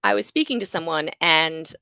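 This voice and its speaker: A woman giving a university lecture on psychology, her voice carrying a gravelly, creaky texture. She explains in a lively way and acts out small examples as she goes. The sound is close and dry, with no room around it. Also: sits low, normal speed, dry recording. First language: English.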